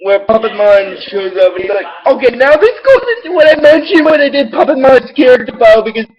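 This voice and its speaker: A man with a high voice hosts his own recap show, rambling and excitable. He restarts his sentences often in a casual flow. The audio sounds dull and lo-fi. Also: a little fast. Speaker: show host recapping episodes.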